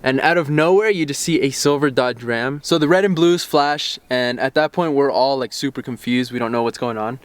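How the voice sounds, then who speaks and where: Young man, car vlog host, chatty, relaxed storytelling, outdoors, camera shotgun mic. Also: mid-range voice, moderate pace, hardly any pauses, clear, resonant tone, dry recording. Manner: relaxed, chatty, retells events with quoted dialogue. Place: outdoors by parked cars. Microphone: camera-mounted shotgun mic.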